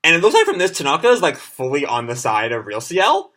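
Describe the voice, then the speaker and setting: A chatty man reads a comic out loud and reacts live, filling his talk with "like" and "uh". His voice is fairly high and very bright, and it moves around a lot in pitch. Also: huge pitch swings, fast talker. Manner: chatty, many fillers, reads the lines aloud. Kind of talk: casual live reading and reaction.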